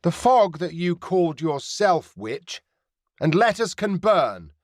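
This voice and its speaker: A weathered woman pirate captain with greying hair, put on by a male audiobook narrator taunts across the water in a pitched-up, carrying voice. She is commanding and mocking. The sound is dry and close. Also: big pitch swings, takes it slowly, no room sound, exaggerated voice. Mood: brusque. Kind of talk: audiobook character voice.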